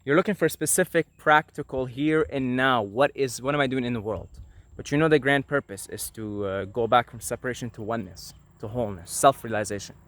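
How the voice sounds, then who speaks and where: A man's voice: mid-range voice, a little fast, fairly bright tone, no echo. Earnest man, dry close sound. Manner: earnest, repeats points for emphasis. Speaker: spiritual video host. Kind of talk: casual spiritual teaching to camera. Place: apartment at night.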